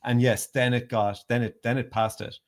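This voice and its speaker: Male podcast host, mid pitch, chatty, halting delivery. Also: flat delivery. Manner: conversational, hesitant, many fillers and repeats. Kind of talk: casual podcast chat.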